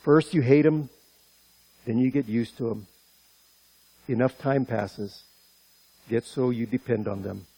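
A preacher putting on the voice of a resigned, aging ex-convict, speaking low and slow in a sermon. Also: male voice, creaky, dark tone, breathy edge, no echo, low-quality recording. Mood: weary, resigned.

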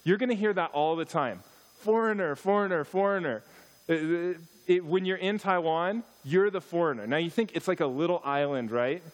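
A man's voice: fairly high pitch, moderate pace, hardly any pauses. Joking man telling church stories. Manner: storytelling, joking, animated asides. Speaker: missionary speaker. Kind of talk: church talk with humorous stories.

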